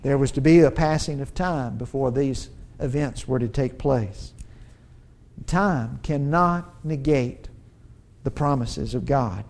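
A man preaching a sermon, pausing for emphasis and building to urgent, rising lines, often restarting and repeating words as he works toward a point. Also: medium pitch, a little mellow. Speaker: pastor.

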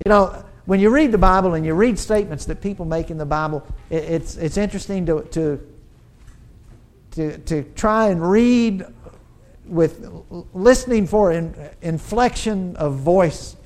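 Emphatic preacher man with a higher voice. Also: a little mellow. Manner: preaching with rising urgency and emphatic pauses; restarts and repeats words while building a point. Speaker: pastor. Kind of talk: sermon.

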